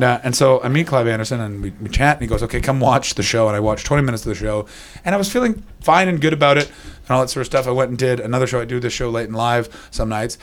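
Man, 30s, stand-up comic, rambling stories, chuckles at his own lines. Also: medium pitch. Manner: rambling anecdotes, laughing at own jokes. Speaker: stand-up comedian. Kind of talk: stand-up set. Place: comedy venue with live audience.

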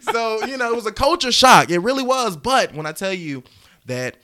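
A man in his thirties from the American South telling stories from his past as an interview guest, animated, acting out voices and laughing often. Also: sits high, moderate pace. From Georgia, US. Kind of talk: storytelling in casual conversation.

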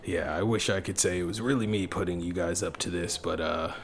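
Deep-voiced man running a tabletop game. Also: steady tone, slight background noise. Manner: loose, halting narration with many fillers. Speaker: game master.

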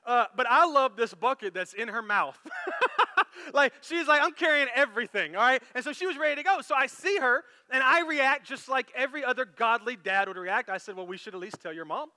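A man preaching a sermon as pastor, animated and storytelling, acting out quoted lines. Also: very high-pitched, brisk, big-room sound.

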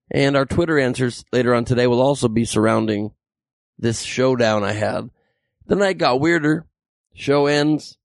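A male comedian tells a story casually and animatedly, acting out the voices of the people in it. His voice is medium-pitched with vocal fry, and the recording is dry.

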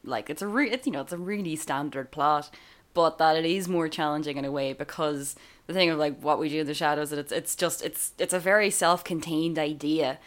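A woman's voice: low voice, a little fast. A woman co-hosting a podcast, chatting casually about a film with many fillers and restarts. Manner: chatty, laughs often, trails off with fillers. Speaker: podcast co-host.

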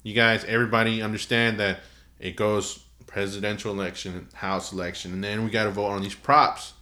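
Bright-voiced man in loose podcast chat. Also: fairly low pitch, flat delivery, brisk. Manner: loose, profane, rambling with frequent fillers. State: sleepy. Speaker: podcast co-host.

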